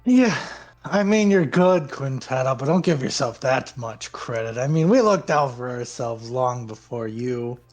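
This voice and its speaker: A man's voice: mid-range voice, expressive, a little slow, a little mellow, soft background music, lightly acted. A man voicing a hearty middle-aged tavern friend who talks in a jokey, ribbing way. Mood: joking.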